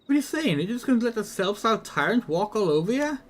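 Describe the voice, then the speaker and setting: A brash, impatient adventurer companion snaps with scorn and folksy slang, as a man puts him on. The voice is pitched up and pushed loud, with faint game music behind it. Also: sing-song, fast talker. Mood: scornful.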